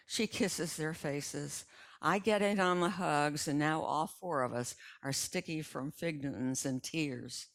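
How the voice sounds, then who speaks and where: Lady reading a story out loud, slow, lowish voice, does little voices for people. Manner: unhurried storytelling with small acted voices. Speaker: resident reader. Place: retirement community.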